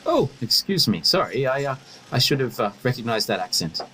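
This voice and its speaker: A man's voice: medium pitch, sing-song, sharp tone, slight background noise, rough recording. A man playing an eccentric time traveller. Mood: reassuring, curious. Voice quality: quick, inquisitive, playful. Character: eccentric male time traveller, curious and cheerful. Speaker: lead character in an audio drama. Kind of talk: audio drama acting.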